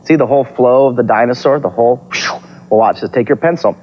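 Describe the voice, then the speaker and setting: A man's voice: mid-range voice, quick pace. A man hosting a TV drawing lesson for children, talking upbeat and encouraging as he sketches step by step. Heard from a dull, lo-fi copy of a TV broadcast. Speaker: TV drawing teacher and host.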